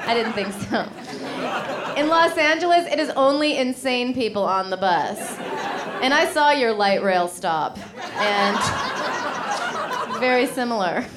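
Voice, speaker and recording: A woman's voice: a little high, lively intonation, measured pace, pauses often, a crowd in the background, noisy background. A woman from Illinois performing a stand-up set in a club, sardonic and mock-haughty in her delivery. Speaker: stand-up comedian. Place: comedy club stage. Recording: live club recording with audience laughter.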